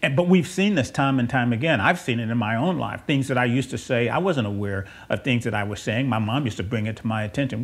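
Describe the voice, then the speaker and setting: A male preacher with a husky, slightly breathy voice, delivering a loose, conversational sermon. He talks at a middle pitch, often restarts his sentences and wanders into asides, dropping the odd soft chuckle. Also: brisk. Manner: rambling, self-correcting, with asides and soft chuckles.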